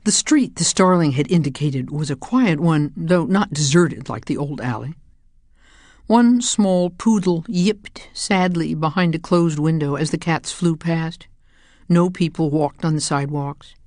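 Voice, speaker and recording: A woman narrates a children's story in a calm, measured way. Her voice sits low, and the recording is dry and close with no room sound. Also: no room sound. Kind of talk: audiobook narration.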